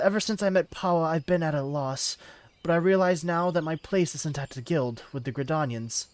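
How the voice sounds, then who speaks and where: A man voicing a sad, soft-spoken young woman archer in a game, talking earnestly. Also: fairly high pitch, no echo, lightly acted. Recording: clear background music.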